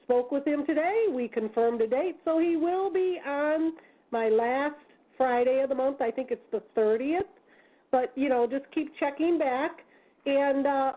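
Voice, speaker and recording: A woman's voice: sits high, a little slow. A woman hosting a talk radio show in a chatty manner with homely asides. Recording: tinny phone-line sound.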